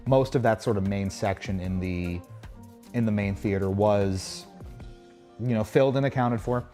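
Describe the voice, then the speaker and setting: A man's voice: fairly low pitch, normal speed, warm tone, faint music behind. A man hosting a casual livestream, rambling chattily through a convention show floor and chatting with viewers. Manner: rambling, chatty, restarts and asides. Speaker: host. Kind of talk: casual livestream walkthrough narration.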